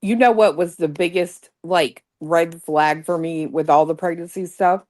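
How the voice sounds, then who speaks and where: A woman's voice: fairly low pitch, measured pace, a little mellow. A woman co-hosting a casual chat, incredulous and sarcastic, with some swearing.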